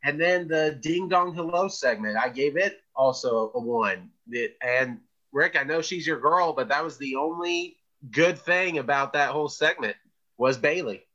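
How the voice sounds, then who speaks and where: A man's voice: fairly high pitch, a little slow, bright, forceful tone, dull audio. A man co-hosting a wrestling podcast in casual chat, easygoing and agreeable. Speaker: podcast co-host.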